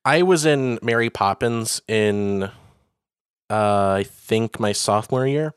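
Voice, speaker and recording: A man's voice: fairly low pitch, slow pace, clear, resonant tone, dry recording, clean studio sound. A young man casually chatting about a film and laughing often. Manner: laughs often, quotes film lines in silly voices. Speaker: podcast co-host. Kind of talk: casual chat.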